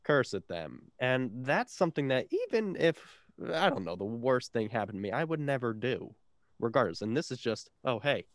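Young male co-host, lively intonation, jokey and teasing. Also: medium pitch, normal speed, no room sound, studio quality. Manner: joking, teasing. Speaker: radio co-host. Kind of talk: casual radio chat. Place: college radio studio.

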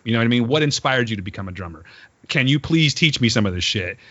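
A man tells a story in casual podcast chat, and he is animated, profane and quick to laugh. His voice sits in a middle register. The room sounds dry and the recording is slightly dull. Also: medium pitch, breathy edge, dry recording.

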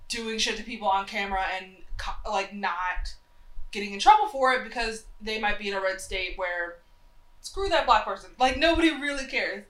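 A young woman talks in a loose, rambling way, full of fillers and restarts, and her voice sounds nasal and stuffed up. Her tone is bright and forceful. The room gives the recording a noticeable echo. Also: mid-range voice. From North Carolina. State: nasal from a cold. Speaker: podcast co-host. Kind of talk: casual opinionated chat.

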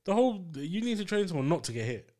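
A man's voice: sits high, very animated, fast, darkish tone. A man co-hosting a podcast, laid-back and playful, bantering in slang. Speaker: podcast co-host. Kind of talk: casual chat.

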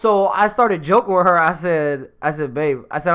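A man with a high voice tells jokey stories in casual podcast banter. He swears freely and laughs often. The sound is thin and phone-like. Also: very animated, unhurried, few pauses.

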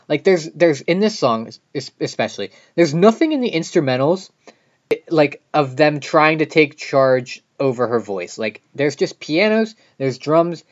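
A podcast host talks through an album in a loose, casual monologue. The speech is full of "like" and half-finished restarts. The recording sounds slightly muffled and lo-fi. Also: medium pitch. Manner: chatty, many "like" fillers and restarts.

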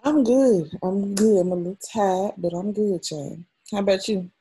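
A woman's voice: medium pitch, normal speed, warm tone, slight background noise, poor audio. A woman co-hosting a podcast in casual chat, laid-back and joking, swearing casually. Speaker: podcast co-host.

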